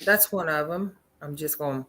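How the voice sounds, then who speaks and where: Talk show co-host, woman, bright tone, earnest and reflective, lots of fillers. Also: low voice, normal speed. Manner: earnest, thoughtful, many fillers. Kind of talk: casual talk show chat.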